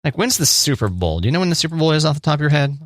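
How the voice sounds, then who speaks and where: A man's voice: a little high, big pitch swings, racing, no room sound, clean studio sound. A man co-hosting a radio show, chatting casually and teasing his co-host with playful quiz-style questions. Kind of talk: casual banter.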